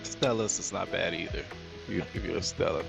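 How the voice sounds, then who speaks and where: Gravelly low-voiced man chatting on stream. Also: fairly quick, over music. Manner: loose, joking, swears casually. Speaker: livestream host and trader. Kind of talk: casual livestream chat.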